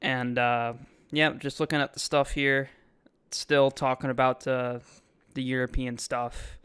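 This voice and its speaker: A man's voice: mid-range voice, level tone, measured pace, fairly bright tone, clear, resonant tone. A man giving casual, rambling voice-over commentary on his own video, full of ums and likes. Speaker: vlogger. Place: voice-over, not recorded in the museum.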